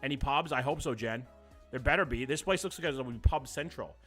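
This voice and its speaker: A young man, doing live-stream commentary, reacting to chat in a jokey, profane, animated way. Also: mid-range voice, fairly quick, faint music behind.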